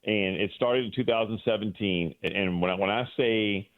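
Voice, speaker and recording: A man's voice: on the low side, moderate pace, dry recording. A middle-aged man, a guest sports broadcaster, telling an emotional story in a rambling way, full of fillers and restarts, on a call into a show. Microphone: phone. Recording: dry, tinny phone line.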